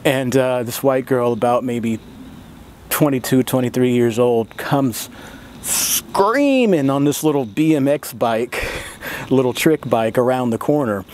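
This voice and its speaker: A man talks straight to his audience in a loose, swearing, laugh-filled storytelling vlog. His voice sits at an ordinary middle pitch. A faint hum of ambient noise runs under it. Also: measured pace. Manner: profane, laughing, animated storyteller. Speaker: vlogger.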